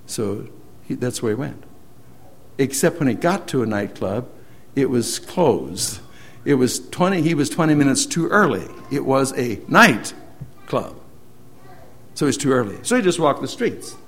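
A man preaching a sermon, earnestly retelling a story and often letting his sentences trail off softly. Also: medium pitch, very animated, unhurried.

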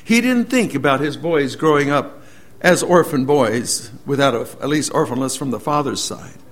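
A man preaching a sermon as an earnest storyteller, moving between loud emphasis and hushed, slowed lines. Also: medium pitch, expressive.

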